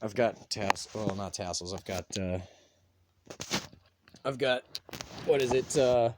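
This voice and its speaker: A man's voice: fairly low pitch, slow, heavy background noise. Rambling, foul-mouthed American man. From North Carolina, USA. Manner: swears a lot, rambling with many fillers. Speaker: vlogger. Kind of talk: casual rambling monologue. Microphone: phone.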